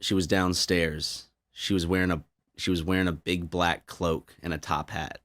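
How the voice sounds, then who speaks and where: Guy with a real low voice telling a silly story totally straight, podcast chat. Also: normal speed. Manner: tells absurd tall tales deadpan. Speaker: podcast co-host.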